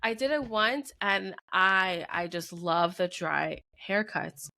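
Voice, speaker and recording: Young woman, podcast co-host, casual and animated, mid pitch, laughs easily. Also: slow pace, vocal fry. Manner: animated storyteller, mimics her husband, laughs often. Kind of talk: casual chat.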